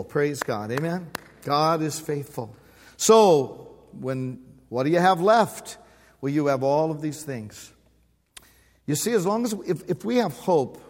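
Folksy older male pastor, reverberant church. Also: fairly high pitch. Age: 60s. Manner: folksy, humorous storytelling with call-and-response. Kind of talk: sermon. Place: church sanctuary.

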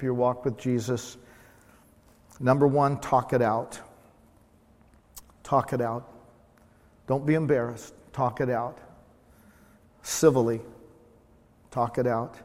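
A man's voice: mid-range voice, a little mellow. A male pastor delivering a sermon, driving his points home by repeating short phrases. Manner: emphatic, repeats key phrases. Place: church sanctuary. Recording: long reverb of a church hall.

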